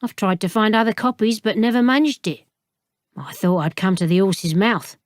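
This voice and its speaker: A woman's voice: medium pitch, normal speed, dry recording, studio quality, close to an everyday voice. A woman voicing a swaggering plump book dealer. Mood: persuasive. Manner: falsely jovial, wheedling, turning cold.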